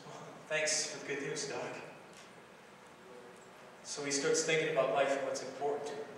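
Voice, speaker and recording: A man preaching a sermon, retelling a film story in a casual, conversational way with filler phrases. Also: mid-range voice. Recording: echoey hall recording from far off, faint hiss.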